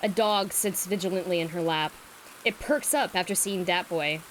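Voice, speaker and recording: A woman's voice: fairly low pitch, moderate pace, slight background noise, low-quality recording. A woman streamer reading fanfiction aloud with amused, giggly asides.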